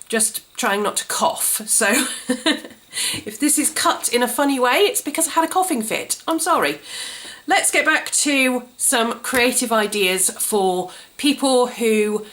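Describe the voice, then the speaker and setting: A woman vlogging a gift guide in a chatty, enthusiastic way, her voice congested and a little gruff from a cold. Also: on the high side, a little slow, fairly bright tone. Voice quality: slightly gruff. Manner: chatty, enthusiastic, self-described colouring book nerd. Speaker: craft vlogger. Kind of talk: casual gift guide chat.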